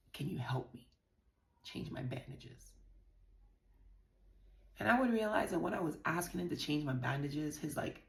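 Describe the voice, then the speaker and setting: This vlogger from the Virgin Islands tells her viewers a personal story on camera, speaking candidly and with plenty of profanity. Her voice is low, creaky and a little mellow, and the room is echoey.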